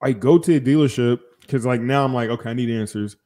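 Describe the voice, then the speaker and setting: A young man hosting a podcast, telling a story in casual chat, animated and profane, acting out both sides of phone calls. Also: mid-range voice, fast talker. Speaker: podcast host.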